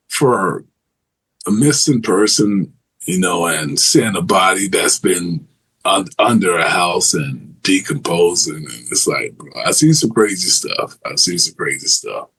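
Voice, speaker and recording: Speaking in a husky, mid-range voice over poor audio, a man who used to be a corrections officer recounts vivid stories in a casual interview. He's an animated storyteller who performs the voices he quotes and frequently starts over.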